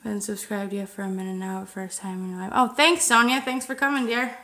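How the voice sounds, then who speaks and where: A woman's voice: mid-range voice, steady tone, a little fast, pushed and bright, echoey room. A woman in her thirties hosting a paranormal livestream outdoors at night, chatting loosely with viewers and swearing freely. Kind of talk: casual livestream chat.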